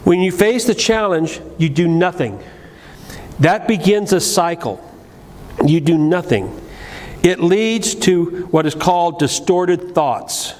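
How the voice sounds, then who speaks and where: A middle-aged pastor preaches slowly in a church sanctuary, telling a personal story and swinging between loud emphatic lines and low quiet asides, with frequent restarts. It's a live church recording with long reverb and faint room noise.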